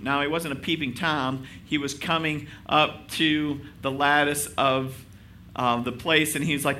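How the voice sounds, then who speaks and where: A man's voice: medium pitch, steady tone, normal speed, pushed and bright, a little hiss or hum. A male pastor preaching a sermon in a casual, conversational way. He makes self-deprecating jokes and keeps asking his listeners rhetorical questions.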